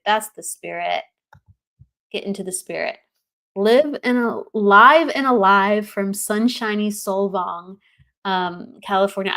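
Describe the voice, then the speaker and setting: A woman hosting a spiritual live stream, greeting viewers by name in a bubbly way and laughing often. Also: mid-range voice. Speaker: host.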